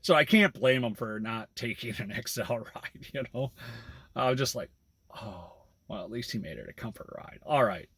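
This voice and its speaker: A man's voice: on the low side, expressive, moderate pace, fairly bright tone, slightly rough, dry recording. A man who drives for a rideshare app, casually telling a story about a fare in a chatty vlog style, with bursts of laughter. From US Midwest. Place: in a parked car by a road.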